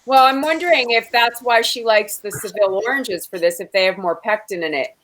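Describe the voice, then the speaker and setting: A woman's voice: medium pitch, a little fast, a bit bright, poor audio. A woman co-hosting a cooking show, chatting casually and agreeably, musing aloud. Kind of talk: casual chat.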